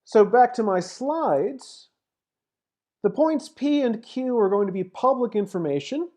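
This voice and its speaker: A woman's voice: fairly high pitch, lively intonation, a little slow, mellow. A woman lecturer walking through a math problem on screen, methodically thinking aloud as she types and reads out long numbers. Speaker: mathematics lecturer. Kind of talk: screen-recorded lecture walkthrough.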